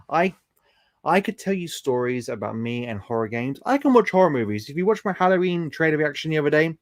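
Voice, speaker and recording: A man hosts a live stream in a chatty, affectionate way, laughing often as he reads out viewer comments. His voice sits at a middling pitch. The sound is close and dry, with no room echo.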